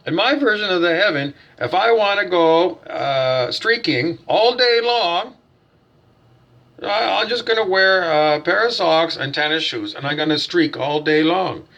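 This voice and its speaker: A man's voice: sits high, lively intonation, a little slow, pushed and bright, dull audio. A man delivering a blunt, profane, preachy vlog rant as a self-styled spiritual teacher, asking himself questions and answering them. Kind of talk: ranting vlog monologue.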